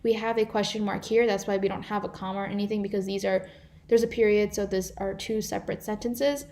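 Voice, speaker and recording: A woman's voice: medium pitch, little pitch movement, brisk, dark tone, a little hiss or hum. A teenage girl teaching a live online grammar lesson as a volunteer tutor, explaining rules and reading example sentences aloud. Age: teens.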